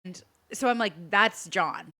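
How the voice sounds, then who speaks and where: Young woman, podcast co-host, bright tense voice, animated storytelling, acted-out quotes. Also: medium pitch, a little slow. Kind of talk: casual storytelling chat.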